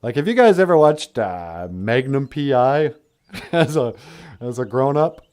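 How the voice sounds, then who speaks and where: Male puppet-podcast host, outdoors, chuckly rambling chat, animated pitch, slow pace. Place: outdoors in the woods.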